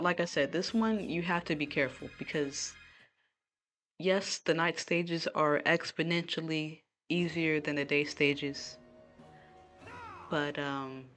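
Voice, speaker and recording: A woman's voice: deep voice, measured pace, a bit bright, soft background music. A woman streamer playing a game live at home, chatting casually and talking to her viewers as she plays. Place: room at home.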